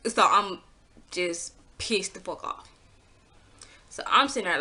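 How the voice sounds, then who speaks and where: A young woman in her twenties telling a storytime to camera, casual and blunt, acting out her own past lines with big swings in pitch. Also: slow pace, pauses often, bright, forceful tone, husky. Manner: blunt, swears freely. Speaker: vlogger.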